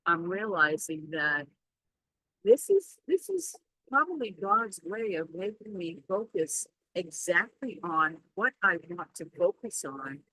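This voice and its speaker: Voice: medium pitch, expressive, unhurried, sharp tone, no room sound, rough recording. A Reiki practitioner talking casually in a spiritual vlog, rambling and reflective as they reassure themselves aloud.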